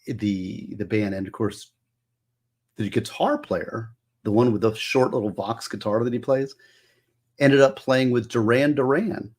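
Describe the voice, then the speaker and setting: Husky-voiced man chatting about music. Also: lowish voice. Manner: rambling, enthusiastic, fond of trivia, restarts phrases. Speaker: host. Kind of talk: casual livestream chat about music.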